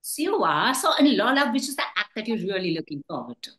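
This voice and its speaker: A woman's voice: medium pitch, big pitch swings, fast talker, bright, forceful tone. A woman interviewing a guest, asking questions and giving short encouraging reactions. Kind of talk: casual interview. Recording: roomy echo.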